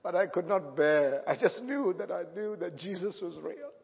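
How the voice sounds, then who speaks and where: A man's voice: sits high, expressive, normal speed, gravelly. Man preaching in an echoing church. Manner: emotional storytelling, rising to loud proclamations. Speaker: guest preacher. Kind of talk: sermon. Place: church sanctuary. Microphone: handheld or stand microphone. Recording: dull sound with long hall reverb.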